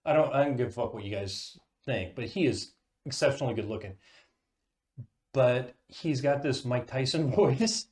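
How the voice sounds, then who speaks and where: A man's voice: mid-range voice, animated, moderate pace, darkish tone. Stammering, profane male podcast host. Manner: stammering, profane, laughs often. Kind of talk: casual chat.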